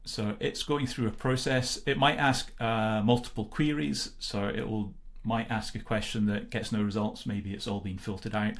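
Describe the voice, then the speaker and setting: A man casually narrating a screen-recorded software tutorial, relaxed and explanatory, with many filler pauses. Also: on the low side. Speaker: software demo presenter.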